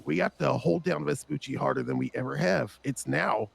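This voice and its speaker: A man's voice: medium pitch, normal speed, creaky, a little hiss or hum. A man speaking in character in a gang roleplay, urgent and insistent, swearing often and pressing his point.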